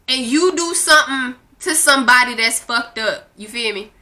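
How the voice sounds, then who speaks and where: A young woman, casually telling a dating story to her viewers, sassy and animated, swearing freely and reading out text messages. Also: a little high, measured pace.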